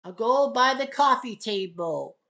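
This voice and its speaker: A woman giving play-by-play commentary on a table hockey game, with excited goal calls and sarcastic asides to the viewers. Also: a little high, unhurried, gravelly, heavy background noise.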